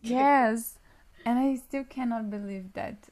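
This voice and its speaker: A woman's voice: a little high, slow, a little mellow. Cheerful woman telling a story. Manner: upbeat storyteller, laughs mid-sentence. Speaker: music student. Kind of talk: casual chat.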